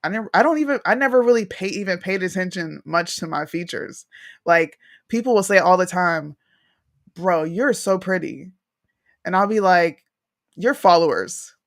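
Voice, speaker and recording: Frank young woman chatting candidly. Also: lowish voice. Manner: frank, animated storytelling, quick asides. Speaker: podcast co-host. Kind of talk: candid casual chat.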